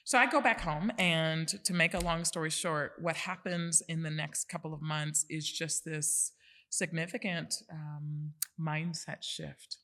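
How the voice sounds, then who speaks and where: A woman's voice: deep voice, fairly even intonation, moderate pace, bright, forceful tone. A woman in her forties, a podcast guest, telling a personal story in an earnest, emphatic way.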